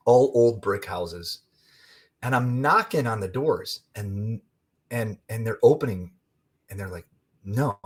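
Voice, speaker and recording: A man, a podcast guest, telling a rambling, animated story in casual conversation. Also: mid-range voice, husky.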